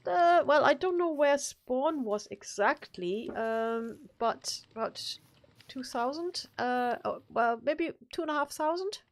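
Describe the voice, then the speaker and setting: A woman's voice: high voice, animated, slow. A woman co-hosting a gaming live stream, chatting casually and telling rambling, playful stories.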